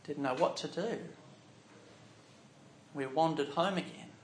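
A man telling a Bible story as a first-person dramatic monologue, going from hushed to loud. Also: on the high side, measured pace, slight background noise. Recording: echoey room.

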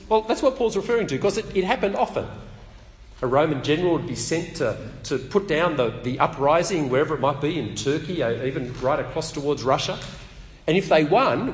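A man preaching a sermon at a public meeting, talking conversationally and asking his listeners questions. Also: a little high. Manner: conversational, asks the audience questions. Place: meeting hall. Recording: echoey hall with long reverb.

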